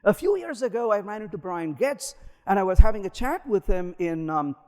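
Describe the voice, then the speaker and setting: A man's voice: high voice, expressive, moderate pace, darkish tone. A man giving a live technical conference talk while coding, acting out little dialogues with the compiler in different voices. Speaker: conference speaker. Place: large conference hall. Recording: long hall reverb.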